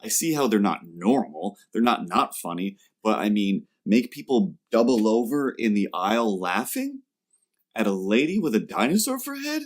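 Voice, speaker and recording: Male podcast host, low voice, animated comic storyteller. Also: moderate pace. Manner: animated, acts out quoted customers in jumpy voices. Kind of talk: comedic storytelling chat.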